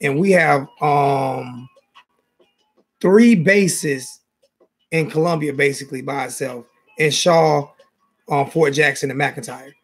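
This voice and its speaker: A man with a Southern US accent hosts a casual fan call-in show, speaking loosely and repetitively and often restarting his sentences. His voice is a little high.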